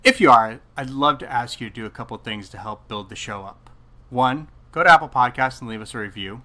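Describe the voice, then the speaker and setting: A man's voice: medium pitch, brisk. Easygoing man narrating a tabletop game. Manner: relaxed, chatty, laughing narration. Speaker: game master and podcast host. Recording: noisy room recording.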